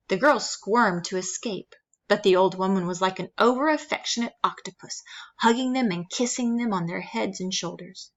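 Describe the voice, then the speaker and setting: A woman's voice: mid-range voice, normal speed, dull audio. Woman reading a children's novel aloud. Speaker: reader.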